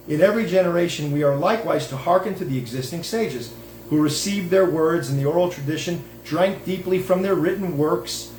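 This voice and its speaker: A man's voice: on the high side, darkish tone. Emphatic rambling man, echoey room. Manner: emphatic, digressive, many restarts and fillers. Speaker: host and self-styled rabbi. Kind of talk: rambling religious monologue with reading aloud. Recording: echoey room with faint background noise.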